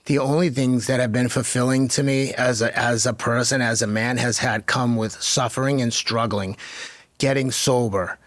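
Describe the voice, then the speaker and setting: A man in his fifties tells stories as a podcast guest, emphatic and animated, and acts out the dialogue as he goes. His voice sits in a middle pitch. The sound is dry and close. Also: normal speed, no echo. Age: 50s. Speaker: podcast guest, masters marathon runner. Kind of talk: casual interview chat.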